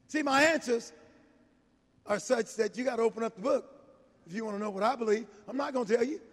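A man in his sixties preaching a sermon, telling a personal story in a folksy, animated way. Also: very high voice, fairly quick, long pauses. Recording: echoey hall reverb.

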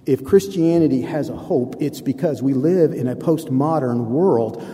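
Guy giving a sermon, chatty and joking with the crowd, dark mellow voice, big echoey hall. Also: medium pitch, moderate pace. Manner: conversational preaching with playful asides to the congregation. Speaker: pastor. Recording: long hall reverb.

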